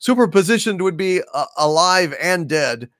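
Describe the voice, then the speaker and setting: Older man, livestream host, theatrical, animated pitch, dry close sound. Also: moderate pace, dry recording. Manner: theatrical, grandiose proclamations. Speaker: livestream host reading super chats. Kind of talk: casual livestream chat.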